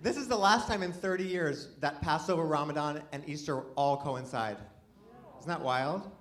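A man's voice: fairly high pitch, normal speed, fairly bright tone. A man doing a rambling, self-deprecating stand-up set, chatting with the crowd. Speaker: stand-up comedian. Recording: live venue with audience laughter.

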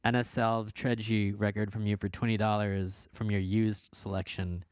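A man with a low, smooth, clear voice chats casually on a radio show, teasing his co-host and quick to correct him. The sound is close and dry. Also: level tone, no room sound. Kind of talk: casual radio chat about records.

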